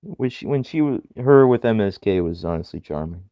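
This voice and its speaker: A man's voice: fairly low pitch, lively intonation, moderate pace, no room sound, dull audio. A young man co-hosting a podcast, giggling often and acting out quotes in silly voices. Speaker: podcast co-host. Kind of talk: casual chat.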